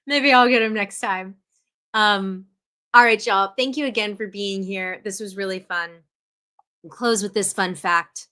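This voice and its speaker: A young woman from New Jersey hosting a livestream, chatting casually and telling stories with animated, playful indignation. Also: medium pitch. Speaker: livestream host. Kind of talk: casual chat.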